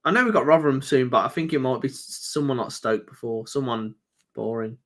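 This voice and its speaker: A man's voice: medium pitch, fairly quick. A man co-hosting a football fan live stream, reading out comments and fixtures in an easygoing way. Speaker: co-host reading donations and comments. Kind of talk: casual live stream reaction chat.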